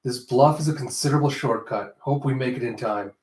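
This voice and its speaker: A man voicing a stern, blunt female bodyguard in a comic readthrough, speaking flatly and matter-of-factly. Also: mid-range voice, brisk, natural voice. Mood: grim. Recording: roomy echo.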